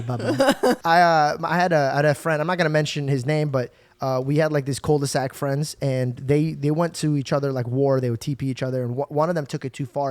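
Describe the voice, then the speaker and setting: A young man hosting a podcast, telling stories in a casual, animated way. He swears and acts out the people in his stories. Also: mid-range voice, no echo. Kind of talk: casual storytelling chat.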